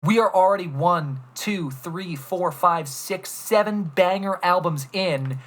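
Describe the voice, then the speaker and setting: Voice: medium pitch, takes it slowly. A young streamer ranting casually to chat about albums, enthusiastic and rambling, swearing often.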